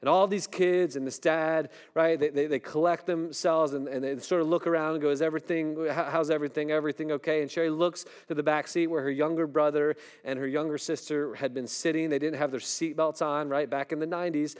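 A middle-aged man preaching a sermon in a conversational way, often asking "right?" and dropping his voice low and soft when a story turns tense. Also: fairly even intonation, fairly quick, hardly any pauses, clear, resonant tone. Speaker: pastor.

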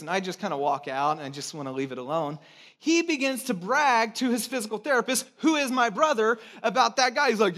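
A man's voice: high-pitched, lively intonation, moderate pace, a bit bright. A man in his thirties from California, preaching a sermon as a pastor in a conversational storytelling way with self-mocking humor.

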